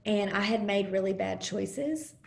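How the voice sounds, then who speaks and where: A woman giving an earnest, halting personal testimony as a guest speaker over a video call, pausing often with fillers. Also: medium pitch, vocal fry, darkish tone. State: close to tears at times. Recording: roomy video call audio.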